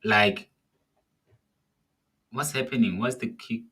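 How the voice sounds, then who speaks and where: A man ranting casually as he watches a football match live, exasperated by the play and shouting at the players and the referee. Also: medium pitch, takes it slowly, husky. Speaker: football fan streamer. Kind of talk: live watch-along commentary.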